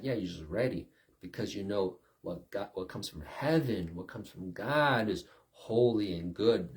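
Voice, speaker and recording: A man's voice: on the low side, a little mellow. A man giving a conversational sermon, often asking "right?" and acting out short quoted voices. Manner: conversational preaching with acted-out quotes and repeated "right?". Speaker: preacher.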